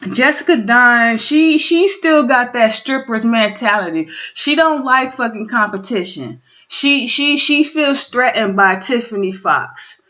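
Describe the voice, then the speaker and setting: A woman's voice: a little high, expressive, a little slow, few pauses, bright, forceful tone, highs cut off. A woman giving a casual, profane recap of a reality show, bluntly acting out the cast's lines. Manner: blunt, profane, dramatic quoting of cast members.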